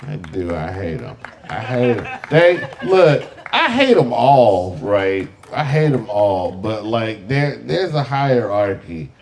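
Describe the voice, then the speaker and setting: A man's voice: fairly low pitch, big pitch swings, slow pace, gravelly, hardly any pauses, noisy background. A man from the South, doing a stand-up comedy set with a brash, profane, punchy delivery. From American South. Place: live comedy venue with audience.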